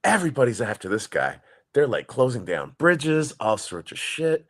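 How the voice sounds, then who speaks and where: A man spins a street story in loose, profane podcast chat. His pitch swings widely as he acts out neighbors and cops, rising and dropping with each beat. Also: normal speed. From New York. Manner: animated storyteller, swears, acts out quoted people. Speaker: podcast co-host.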